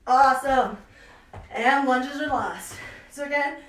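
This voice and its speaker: A young woman with a high, bright-pitched voice coaches a home workout while out of breath, counting reps with upbeat energy. She stands back from the camera in a small, echoey room. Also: takes it slowly. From Canada. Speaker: fitness instructor. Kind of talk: live online workout class. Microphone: camera at a distance. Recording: echoey room, voice far from mic.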